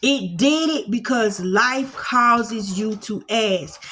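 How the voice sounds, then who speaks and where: A woman's voice: fairly high pitch, takes it slowly, fairly bright tone. A woman who gives a casual spiritual talk at home, in a folksy preacher cadence with lots of repetition. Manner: folksy preacher cadence, repeats phrases, Southern vernacular. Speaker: spiritual teacher. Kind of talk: casual monologue to camera. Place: home with dogs at her feet.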